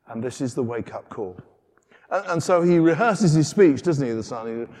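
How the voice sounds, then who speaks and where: A middle-aged British man preaching a sermon in a church, animated and acting out the characters' lines. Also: medium pitch, moderate pace. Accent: British English. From Britain. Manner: animated, acts out dialogue with changing voices. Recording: long reverb of a church hall.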